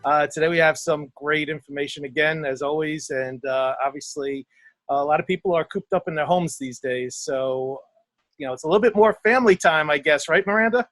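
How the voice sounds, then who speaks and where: A man's voice: on the high side, fairly quick, no echo, soft background music. Man, co-host, casual filler-heavy chat, dry close sound, video call. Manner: relaxed, chatty with filler words. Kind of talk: casual talk show chat. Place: outdoors at home.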